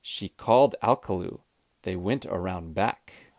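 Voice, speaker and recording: A man reading a children's storybook aloud, clear, expressive and deliberate. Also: deep voice, dry recording. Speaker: storybook reader.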